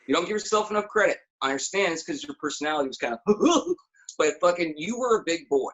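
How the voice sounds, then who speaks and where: Bright, high-ish male guest, animated and swearing freely. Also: fast talker, muffled recording. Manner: animated, profane storytelling. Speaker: podcast guest. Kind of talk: casual chat.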